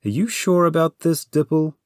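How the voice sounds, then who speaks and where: A man's voice: on the high side, moderate pace, darkish tone, dry recording, studio quality, voice pushed up, lightly acted. A man voicing an anxious companion in an audiobook, pleading and worried. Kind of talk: audiobook character voice.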